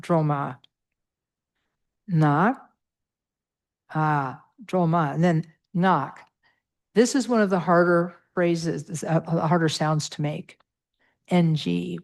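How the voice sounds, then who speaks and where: A woman's voice: on the low side, a little mellow. A middle-aged woman teaching a Buddhist meditation class, patiently walking through pronunciation with many fillers.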